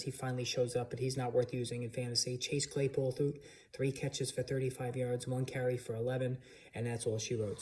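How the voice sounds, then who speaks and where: A man's voice: mid-range voice, warm tone. A man hosting his own channel, giving casual opinionated fantasy football commentary alone at his computer, with plenty of restarts. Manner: opinionated, frequent restarts and fillers. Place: home computer setup.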